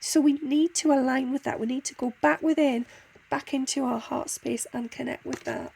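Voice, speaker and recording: A woman gives a channelled spiritual card reading in a high voice with a gravelly, creaky edge. Her tone is mellow rather than bright, and her delivery is soft and heartfelt. She pauses often and restarts her sentences. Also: fairly even intonation, a little hiss or hum.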